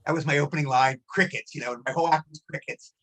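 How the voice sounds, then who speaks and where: A man's voice: fairly high pitch, steady tone, quick pace, fairly bright tone. A man in his sixties, a guest actor telling rambling anecdotes in a casual interview and repeating himself.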